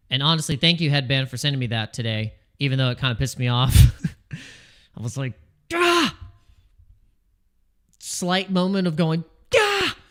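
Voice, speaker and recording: This over-caffeinated crypto livestreamer has a clear, resonant, slightly bright voice at medium pitch. He jokes around and rambles casually, calls out names from the chat, and keeps starting his sentences over.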